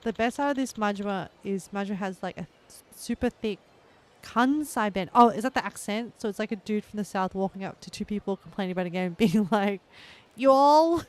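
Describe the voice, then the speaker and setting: A woman's voice: mid-range voice, a little fast, a little mellow. A young woman streamer giving giggly, chatty let's-play commentary and reading her chat aloud.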